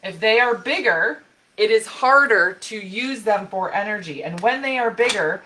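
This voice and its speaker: A woman health expert giving an animated talk on camera, getting fired up and laughing as she explains while sketching on a board. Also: mid-range voice, moderate pace. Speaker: women's health and hormone expert. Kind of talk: educational video talk.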